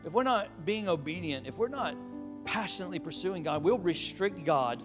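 A man's voice: high voice, animated, normal speed, music in the background. A man preaching a sermon to his congregation, calling out to them and breaking into playful asides. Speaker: pastor.

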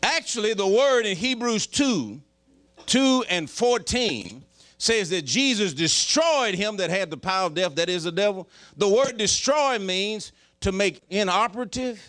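A pastor preaching a folksy, joking sermon. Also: male voice, sits high, lively intonation, a little slow, a bit bright.

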